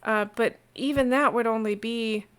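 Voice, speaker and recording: A woman voicing a shy, honest innkeeper woman who speaks softly and hesitantly. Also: a little high, fairly even intonation, normal speed, smooth, natural voice. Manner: hesitant, soft, polite.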